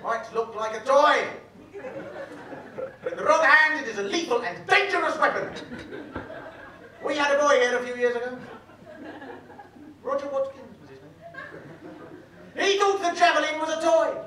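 A man voicing a pompous male teacher giving a grave safety lecture, loud and preachy, in a stand-up routine. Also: very high voice, moderate pace, long pauses, voice pushed up. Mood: pompous warning. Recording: roomy live club recording from a distance, crowd.

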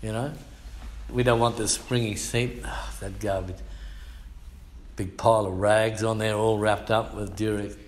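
Older Australian male pastor, slangy testimony preacher, slow delivery, echoey church room. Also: on the low side, little pitch movement, a little hiss or hum. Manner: colloquial, slangy, emphatic storyteller. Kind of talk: storytelling sermon testimony.

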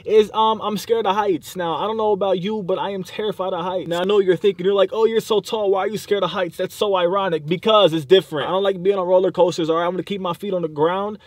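A YouTube vlogger, a young man, talks to the camera from inside his car in a high voice with fairly even intonation, speaking fast with few pauses and no echo. Tired and short on sleep, he rambles in loose slang, saying "like" constantly and cursing.

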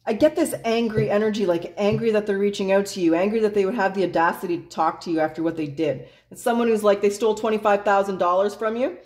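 A woman's voice: mid-range voice, steady tone, fast talker, few pauses, a little mellow. A woman doing a casual tarot reading in a blunt, chatty way, swearing freely and laughing often. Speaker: tarot reader.

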